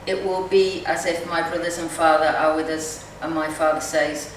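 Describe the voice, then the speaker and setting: Brief: woman poet reciting her own verse, slightly low voice, distant mic in a very echoey hall. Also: flat delivery, moderate pace, background noise. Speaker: poet reading at a community event. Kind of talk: poetry reading. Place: community event venue.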